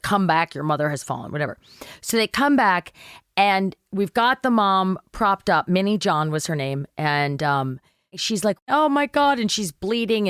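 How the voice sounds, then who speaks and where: A woman guest telling an animated, self-mocking story in casual chat, swearing freely. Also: lowish voice, dry recording, clean studio sound.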